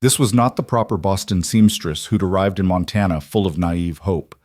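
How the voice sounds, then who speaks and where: A man giving scripted, measured narration of a western story. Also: low-pitched, a little mellow, dry recording, studio quality.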